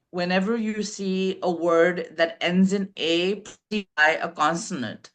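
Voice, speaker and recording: A woman co-hosting a spiritual podcast conversation, talking in a deliberate way and pausing often with fillers. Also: low-pitched. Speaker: podcast co-host.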